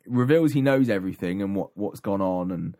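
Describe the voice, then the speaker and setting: Low-voiced man recapping a story. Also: lively intonation, fairly quick, mellow. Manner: rambling, many ums and restarts. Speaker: podcast co-host. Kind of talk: casual chat recapping an audiobook.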